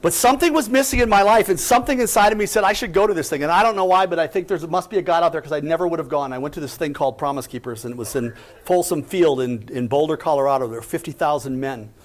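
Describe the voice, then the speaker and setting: An American man who is a company president tells his personal story in an inspirational talk, leaning on emphatic rhetorical questions. He speaks fast, with a voice on the high side.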